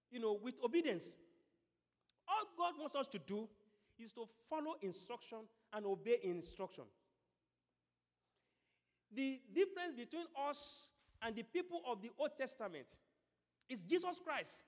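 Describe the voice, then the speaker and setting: A man's voice: very high-pitched, big-room sound. A man preaching a sermon as pastor, mixing scripture with playful acted-out asides.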